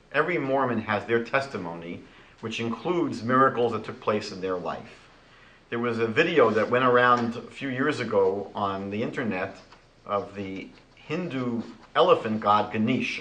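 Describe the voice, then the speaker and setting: Animated man lecturing in an echoey room. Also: on the low side, normal speed, a little hiss or hum. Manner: animated, rhetorical, retells conversations. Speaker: rabbi lecturing.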